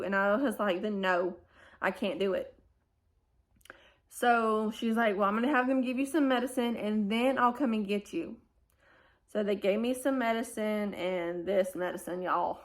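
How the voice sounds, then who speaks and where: A woman, telling a family vlog storytime and acting out the people in it. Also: on the high side. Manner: animated retelling, acting out quoted dialogue. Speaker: family vlogger. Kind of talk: storytime recounting a hospital stay.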